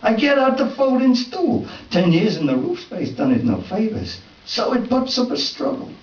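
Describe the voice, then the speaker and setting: A man reading his own comic story aloud at a live event, in a wry, deadpan first-person voice with folksy dialect. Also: high voice, normal speed. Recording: distant, roomy, dull live recording.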